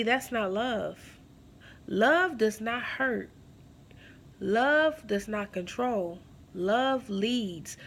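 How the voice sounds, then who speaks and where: A woman's voice: mid-range voice, creaky, a little hiss or hum. A woman giving impassioned advice to her viewers at home, preachy and emphatic, repeating her key phrases and calling the listener girl. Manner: addresses listener as girl and baby girl. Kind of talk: impassioned advice talk to camera.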